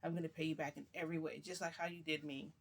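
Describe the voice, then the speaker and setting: A man voicing a menacing, vengeful male villain who makes low threats. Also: flat delivery, fast talker, fairly bright tone, slight background noise.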